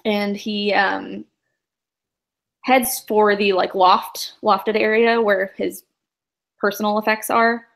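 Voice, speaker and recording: Woman game master, casual rambling narration full of fillers, mid-pitched. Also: little pitch movement, slow pace, creaky, pauses often. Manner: rambling, many fillers and laughs.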